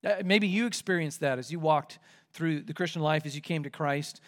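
A man preaching an expository sermon in an animated, conversational way as pastor. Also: on the high side, normal speed.

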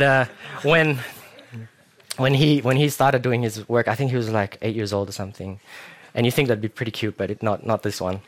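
Young man giving a casual, jokey sermon. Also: medium pitch. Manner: storytelling, self-mocking, animated asides. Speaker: preacher.

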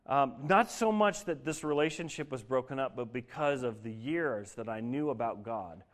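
A young man from Denver giving a sermon, telling a personal story in an earnest way that grows lively as he preaches. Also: mid-range voice, normal speed. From Denver, Colorado. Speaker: pastor.

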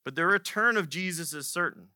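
A man's voice: fairly high pitch, fairly quick, sharp tone, no echo, studio quality. A man preaching a sermon as a pastor, conversational and emphatic, repeating key phrases for weight.

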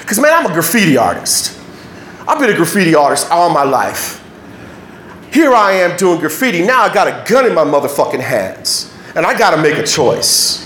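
A man's voice: high-pitched, very animated, moderate pace, fairly bright tone. A man telling a personal story on stage, emphatic and heavily profane, in an echoey hall. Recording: echoey hall, faint noise.

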